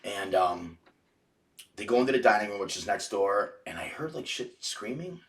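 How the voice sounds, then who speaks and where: A man's voice: on the low side, expressive, moderate pace, fairly bright tone. A man telling a long story as a podcast guest, casual and profane, full of restarts and filler words. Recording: roomy, distant mic.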